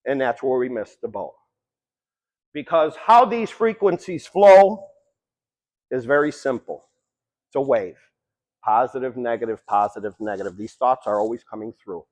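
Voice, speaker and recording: A man's voice: medium pitch, big pitch swings, measured pace, pauses often, a little mellow, low-quality recording. A man giving a long-winded, conversational motivational talk about addiction, swearing casually as he tells stories. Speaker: speaker.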